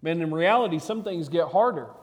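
High-voiced preaching man in an echoing hall. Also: lively intonation, a little fast. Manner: fervent, emphatic preaching with many "man" interjections. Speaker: pastor. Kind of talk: sermon. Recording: long hall reverb.

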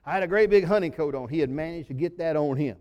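High-voiced preacher in a reverberant hall. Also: male voice, fast. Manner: folksy storytelling, swinging between loud emphasis and sudden low drops. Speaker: pastor. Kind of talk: sermon. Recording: long reverb of a large hall.

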